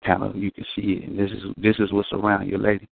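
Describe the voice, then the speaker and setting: His voice is lowish and creaky, the delivery completely flat and quick. In a casual street-talk podcast discussion he gets preachy and swears, slipping in acted-out quotes; the audio is dry and phone-like.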